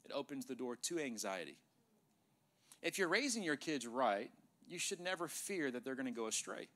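A middle-aged male pastor preaching an emphatic sermon in a church, sometimes dropping to a hushed voice for effect. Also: mid-range voice, sing-song, normal speed. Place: church sanctuary.

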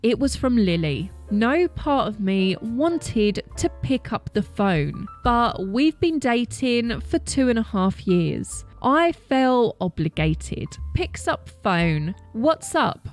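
A woman narrating a first-person story in a measured, scripted read. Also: on the high side, big pitch swings, darkish tone. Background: faint background music.

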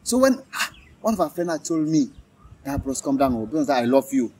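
A man's voice: mid-range voice, big pitch swings, fairly quick, darkish tone, a little hiss or hum. A young Nigerian man in a street interview, talking angrily and emphatically, repeating himself. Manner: angry, emphatic, repetitive.

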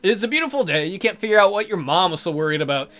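A young man narrates a game's text and riffs on it with sarcastic, foul-mouthed asides that can suddenly erupt into loud rants. His voice sits a bit high and sounds bright and sharp, and his pitch swings widely as he talks. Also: lively intonation, very fast. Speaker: let's play host. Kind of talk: reading game text aloud with joking commentary.

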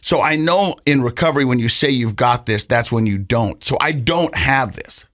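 Podcast co-host, male, mid-pitched, rambling storyteller with restarts, dry booth sound. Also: moderate pace, fairly bright tone, dry recording. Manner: rambling, repeats words, laughs while telling; earnest, reflective. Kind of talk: casual storytelling.

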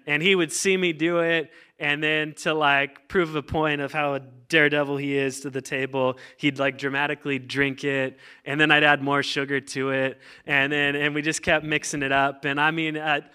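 A man's voice: a little high, bright, forceful tone, clear, resonant tone. A man preaching a casual, joking sermon as pastor, full of fillers and restarts. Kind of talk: conversational sermon.

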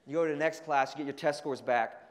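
A man giving an energetic motivational talk to a student leadership conference, telling stories and acting out the voices. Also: fairly high pitch, fast. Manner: energetic storytelling with acted-out voices. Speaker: keynote speaker. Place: large conference hall. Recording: long hall reverb.

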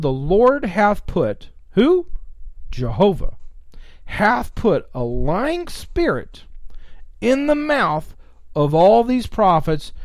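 Lively man teaching the Bible online. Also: high-pitched, no echo, clean studio sound. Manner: animated, reads scripture aloud with asides.

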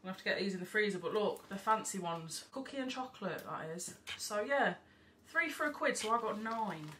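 A woman's voice: mid-range voice, animated, fairly quick, a bit bright. A woman, rambling and swearing freely in a casual haul vlog recorded at home. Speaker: vlogger. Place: at home by an open window. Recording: distant mic, faint background noise.

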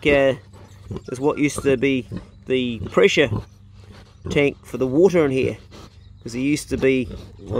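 A man with a New Zealand accent chats in an easygoing, slangy way while he films himself on a rural property. He holds a phone up close, so the sound is a bit rough. There is a faint hiss of wind and outdoor air behind him. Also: mid-range voice. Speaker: outdoor food vlogger. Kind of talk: casual chat. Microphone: handheld phone.

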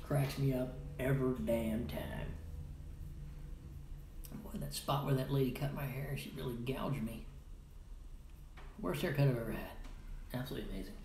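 A man's voice: mid-range voice, normal speed, vocal fry, pauses often. A man hosting a casual live stream, chatting playfully and muttering to himself as he works. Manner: chatty, mutters to himself while editing audio; playful, jumps between loud bursts and quiet asides. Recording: roomy echo with faint noise.

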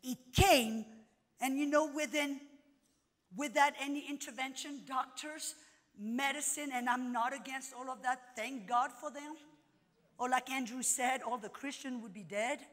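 High-voiced woman preaching in a hall. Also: a little slow. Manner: emphatic, swings from hushed to shouting. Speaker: conference speaker. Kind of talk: sermon. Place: conference hall.

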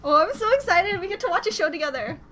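A woman with a high, lively voice gushes through a reaction video, full of squeals and exclamations. She sounds a little out of breath, and music plays clearly behind her. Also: fast talker. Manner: excitable, gushing exclamations. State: slightly out of breath. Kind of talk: casual reaction commentary. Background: music video playing.

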